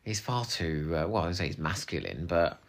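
A man's voice: low-pitched, moderate pace. A young man co-hosting a podcast, answering listener questions in a cheeky, playful way, often dropping into asides and whispers. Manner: animated, cheeky and playful, drops into whispers and laughs. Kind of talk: casual podcast chat.

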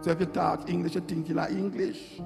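Speaking at normal speed with a flat delivery, a middle-aged Jamaican man's slightly high, gravelly voice carries an impassioned, sermon-like monologue built on repeated phrases. Loud music and hall echo surround him.

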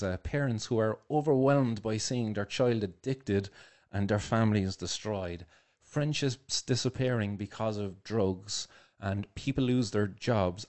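Sarcastic young man, low voice. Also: darkish tone. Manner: halting, full of fillers and restarts, sarcastic. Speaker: podcast host. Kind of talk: casual podcast commentary.

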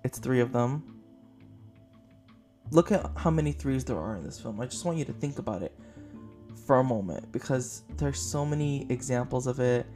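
A man hosts a casual podcast film review, rambling and gushing with lots of fillers, tired and short on sleep from being up late. His medium-pitched voice is mellow, at a moderate pace with frequent pauses, and faint music plays behind him.

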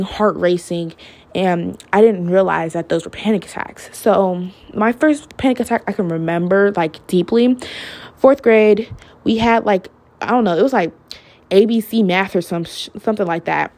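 A woman's voice: medium pitch, moderate pace, darkish tone. Chatty young woman hosting a solo podcast. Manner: chatty and candid, heavy use of "like" and "literally", laughing asides. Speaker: podcast host. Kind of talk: casual solo podcast monologue.

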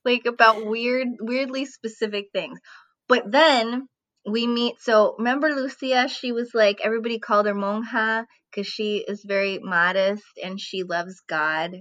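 A woman's voice: fairly high pitch, steady tone, a little slow, fairly bright tone, muffled recording. A woman co-hosting a podcast, chatting casually about a TV show and acting out the characters' lines. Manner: chatty, quoting characters in playful voices. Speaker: podcast co-host. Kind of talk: casual chat recapping a TV show.

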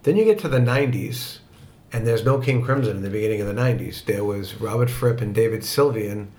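A man co-hosting a casual podcast about rock music, telling stories in an animated way and acting out what others said. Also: lowish voice, brisk. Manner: animated storyteller who acts out quotes. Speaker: podcast co-host.

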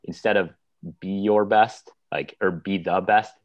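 A man's voice: low voice, steady tone, a little slow, no echo, highs cut off. A man hosting a podcast interview, asking thoughtful questions with some hesitant restarts. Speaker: podcast host.

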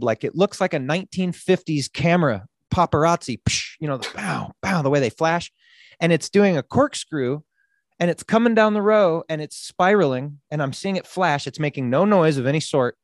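A man hosts a casual podcast, telling a wild story in an animated way, often jumping into loud acted-out quotes and swearing freely. His voice sits a bit high for a man. It is recorded close and dry, with no room sound. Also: no room sound. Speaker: podcast host.

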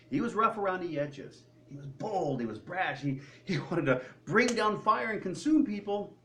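Male pastor, lively sermon delivery, voice a touch high, heard from afar with faint room hum. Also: moderate pace, hardly any pauses. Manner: animated, conversational preaching with acted quotes. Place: church sanctuary. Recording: distant mic with faint room noise.

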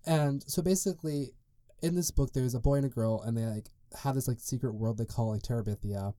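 Here the young podcast host rambles through his stories with plenty of "like" and detours, in a mellow, mid-range voice at a fairly quick clip. The studio recording is clean, with no room sound.

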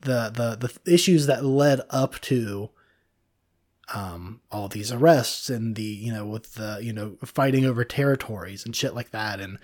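A man hosting a casual podcast in a studio, rambling through halting restarts, swearing freely and laughing often. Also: mid-range voice, darkish tone. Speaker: podcast co-host. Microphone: studio microphone.

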